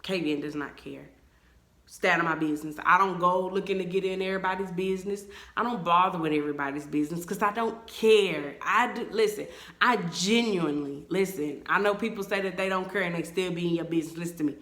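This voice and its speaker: A young woman tells her viewers a story, animated and emphatic. Her voice is bright and forceful, and it bounces around an echoey room. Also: on the low side, fairly quick. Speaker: vlogger. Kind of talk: storytime vlog.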